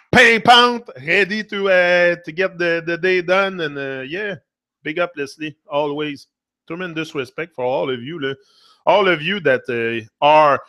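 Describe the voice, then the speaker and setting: A man's voice: a little high, a bit bright, dry recording, studio quality. A man from Quebec, a native French speaker with a Quebec French accent, hosting a live stream in casual motivational chat, rambling and drifting between English and French.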